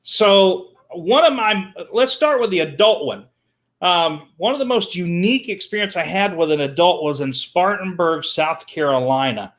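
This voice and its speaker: A man telling animated stories as a guest on a talk show, repeating words and acting out the people he quotes. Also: sits high, normal speed. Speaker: guest, children's entertainer. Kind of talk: animated storytelling.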